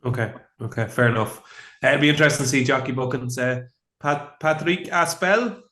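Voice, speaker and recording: A man hosting a racing podcast panel, jumping in with jokey questions and quick remarks. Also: mid-range voice, sharp tone. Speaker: podcast host. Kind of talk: hosting a casual panel chat. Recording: roomy echo.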